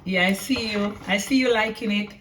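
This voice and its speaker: A woman hosting a casual cooking vlog, chatty and excitable, talking to her viewers as she cooks in her home kitchen. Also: medium pitch, moderate pace. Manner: chatty and excitable, often calling viewers "guys". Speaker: cooking channel host. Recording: voice far from the mic over loud boiling pot noise.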